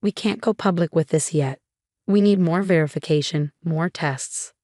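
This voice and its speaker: A woman's voice: low-pitched, normal speed, dark tone, dry recording, studio quality, lightly acted. A woman reading the lines of a scornful, jealous stepsister who talks dismissively.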